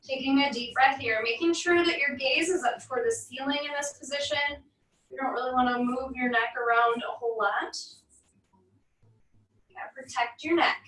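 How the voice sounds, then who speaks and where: Woman instructor, high bright voice, calm stretch cues with dry humor, echoey room, voice from off-mic. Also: moderate pace, distant mic. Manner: calm, encouraging cues with wry asides. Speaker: fitness instructor. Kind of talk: guided barre cool-down instruction.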